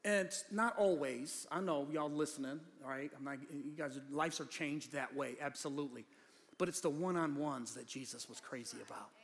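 A pastor preaching a sermon, talking conversationally and then building to shouted fervor. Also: male voice, fairly high pitch, normal speed, vocal fry. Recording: long hall reverb.

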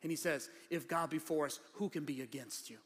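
A pastor preaching a sermon, talking conversationally and then building to shouted fervor. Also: male voice, on the high side, a little fast. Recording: long hall reverb.

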